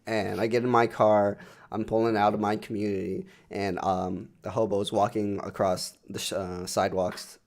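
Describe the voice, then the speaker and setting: A man's voice: fairly low pitch, normal speed. A young man co-hosting a podcast, telling rambling, profane stories in casual chat with lots of fillers. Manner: rambling, profane, animated storytelling with many fillers. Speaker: podcast co-host.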